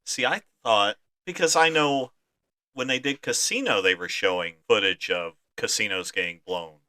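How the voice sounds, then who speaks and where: A man's voice: lowish voice, normal speed, sharp tone, no room sound, clean studio sound. A middle-aged man co-hosting a podcast, trading profane wisecracks in casual movie chat. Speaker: podcast co-host.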